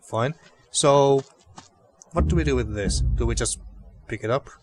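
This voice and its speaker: A man casually commenting on an adventure game as he plays, thinking out loud. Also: mid-range voice, measured pace, a little hiss or hum. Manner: rambling, thinking aloud with restarts. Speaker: let's play host. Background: game music.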